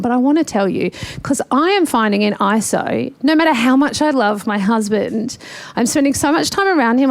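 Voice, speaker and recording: A woman's voice: on the high side, no room sound. Chatty woman doing stand-up. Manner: chatty, self-mocking, laughs at own jokes. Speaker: stand-up comedian. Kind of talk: stand-up set. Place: livestreamed gig.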